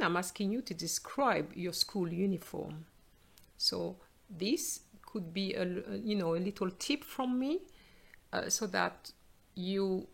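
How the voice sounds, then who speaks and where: A French woman teaching a language lesson, modelling phrases, translating them, and announcing each question number clearly. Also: fairly low pitch, a bit bright. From France. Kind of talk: slow explanatory language lesson.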